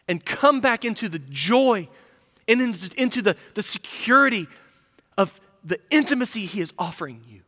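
A male pastor preaching a sermon, telling a story earnestly and falling to a hush for emphasis. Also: high voice, expressive, normal speed. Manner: storytelling, earnest, dropping to a hush on key lines. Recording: reverberant hall.

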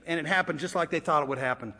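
A male preacher with a high-pitched voice telling a story in casual, conversational sermon style, swinging between hushed and emphatic lines. His voice trails off into the long reverb of a church sanctuary. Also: very fast.

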